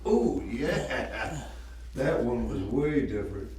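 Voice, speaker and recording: A man's voice: mid-range voice, lively intonation, takes it slowly, background noise. A man reacting as a chiropractic patient, emotional and relieved, exclaiming and sighing in awe. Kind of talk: spontaneous reactions during treatment.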